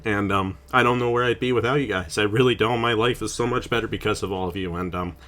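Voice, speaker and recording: A man's voice: on the low side, steady tone, fast talker, fairly bright tone. Tearful man thanking his community. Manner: tearful, heartfelt, laughing through tears. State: crying. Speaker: channel host and race commentator. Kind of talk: emotional closing remarks on a stream.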